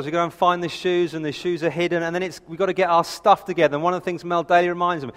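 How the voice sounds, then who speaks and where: A man's voice: high-pitched, fairly even intonation, quick pace, fairly bright tone. A man in his thirties preaching a sermon, telling family stories in a chatty, self-deprecating way. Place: church hall. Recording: reverberant hall.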